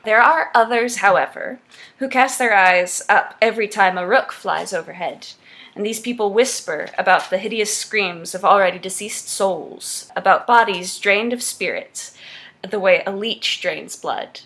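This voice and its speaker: A woman's voice: mid-range voice, a little slow, fairly bright tone. Woman game master narrating a scene.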